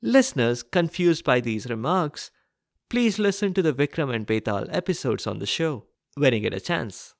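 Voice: medium pitch, expressive, moderate pace, creaky, no echo, clean studio sound. A podcast host narrating a folk tale with wry, chatty asides to listeners. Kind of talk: storytelling narration.

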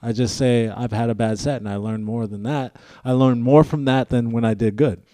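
A man's voice: medium pitch, fairly even intonation, moderate pace, warm tone, dry recording, clean studio sound. A man talking as a podcast guest in casual chat, laid-back and full of fillers and swearing.

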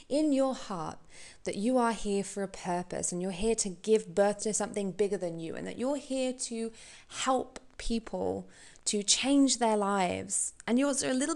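Woman podcast host, mid-pitched, upbeat and gushing, casual solo talk at home. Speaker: podcast host and business mentor.

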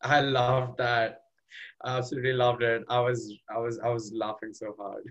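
A man's voice: medium pitch, little pitch movement, normal speed, lo-fi sound. A man co-hosting a podcast, chatting easygoingly about a TV show with stammering restarts. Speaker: podcast co-host. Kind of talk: casual chat recapping a TV show.

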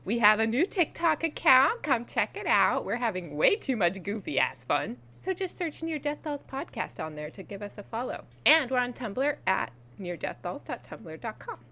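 A woman co-hosting a podcast in casual chat, talkative and quick to laugh. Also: on the high side. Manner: chatty, laughs often, lively. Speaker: podcast co-host.

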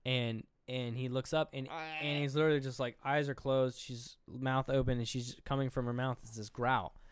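A man's voice: mid-range voice, level tone, moderate pace, clear, resonant tone, dry recording. A young man co-hosting a casual podcast, recapping a movie scene by scene and acting out the characters' lines. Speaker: podcast co-host.

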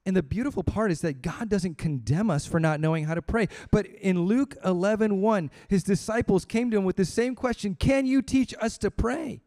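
A man preaching a sermon as pastor, telling a story with lively acted-out voices and dropping to quiet emphasis on key points. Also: moderate pace, few pauses. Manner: storytelling, acts out quoted voices with rising pitch.

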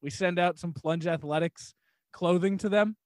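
A man with a notably high voice talks loosely on a podcast, laughing in the middle of his sentences as he rambles on. The sound is dry and close, with no room around it. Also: moderate pace, dry recording. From New Hampshire. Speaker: podcast guest. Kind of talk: casual podcast chat.

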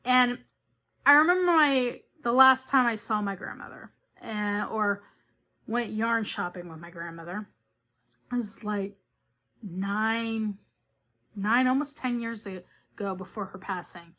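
A woman's voice: mid-range voice, slow, long pauses, sharp tone. A woman hosting a knitting podcast, chatting casually and rambling with frequent restarts and self-corrections. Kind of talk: casual chat.

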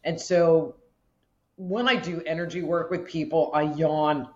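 A woman guest on a podcast who explains her practice in a relaxed way, using everyday examples. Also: fairly low pitch, unhurried, muffled recording. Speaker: guest, energy healer. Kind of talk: casual interview chat.

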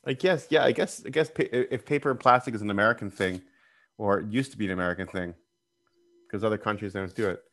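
A man co-hosting a podcast, chatting casually in a relaxed, joking way and musing aloud. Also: on the low side, fast talker. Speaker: podcast co-host. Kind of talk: casual chat.

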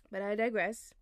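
A tired woman in her twenties talks through a loose, rambling monologue, slangy and quick to laugh at herself. Her voice sits at an ordinary middle pitch. It is recorded close up in a dry, dead room. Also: darkish tone, no echo. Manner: chatty, laughs and digresses, slangy. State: tired, yawning. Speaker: podcast host.

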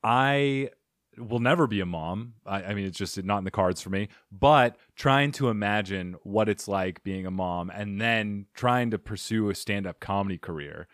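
A man's voice: lowish voice, no room sound, studio quality. A man hosting a podcast interview, supportive and encouraging toward his guest. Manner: supportive, encouraging, frequent short acknowledgements. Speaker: podcast host. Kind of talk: casual interview.

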